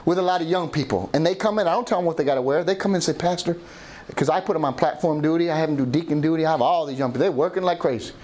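With a high, somewhat mellow voice, a middle-aged man delivers a sermon as pastor. Call-and-response is his style, and "Amen?" comes up often as he addresses the congregation.

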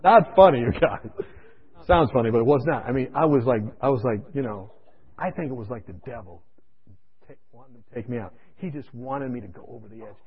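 A man's voice: medium pitch, expressive, brisk. Man preaching his testimony dramatically. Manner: dramatic storytelling, swinging between loud and hushed. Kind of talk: sermon testimony. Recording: dull lo-fi radio recording.

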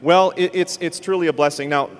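A man with a fairly high voice hosts a ministry program and tells a story with animation, acting out the voices of the people in it. His voice rings in a hall with a long reverb. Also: fairly even intonation, fairly quick. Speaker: host.

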